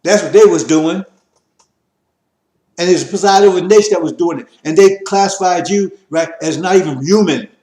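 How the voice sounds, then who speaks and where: A man giving an impassioned religious lecture, preachy and repetitive, rising to forceful emphasis. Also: sits high, moderate pace, roomy sound. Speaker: religious teacher.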